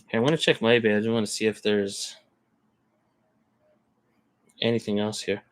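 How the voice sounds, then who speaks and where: A man's voice: on the low side, fairly even intonation, moderate pace. A man rambling in casual live-stream chat, thinking aloud as he browses card listings. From Canada.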